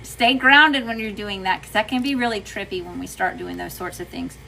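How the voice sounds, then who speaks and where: Casting: folksy Southern woman, tarot livestreamer, bright tone, faint room noise. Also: mid-range voice, normal speed, gravelly, low-quality recording. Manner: chatty, folksy, says y'all often. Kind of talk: casual livestream tarot reading, greeting chat.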